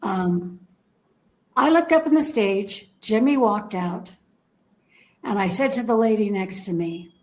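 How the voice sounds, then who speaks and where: Animated woman telling a personal story. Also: medium pitch, slow, long pauses, rough recording. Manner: animated storyteller, acts out quoted dialogue, checks in with "okay?". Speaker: guest.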